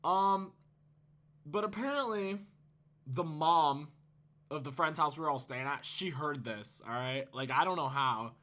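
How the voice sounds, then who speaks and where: A man's voice: on the high side, measured pace, bright, forceful tone. A teenage man telling a storytime vlog, casual and profane, rambling and laughing. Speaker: YouTuber.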